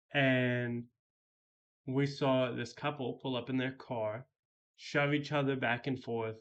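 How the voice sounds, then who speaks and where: A man's voice: medium pitch, a bit bright, dull audio. A man telling a story in a casual vlog, rambling and heavily profane with many fillers. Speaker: vlogger.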